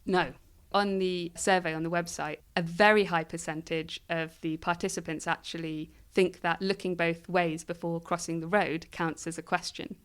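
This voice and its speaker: Smooth-voiced woman explaining ideas. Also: on the low side, steady tone, moderate pace. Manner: thoughtful, explanatory. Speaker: guest philosopher. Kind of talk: interview conversation.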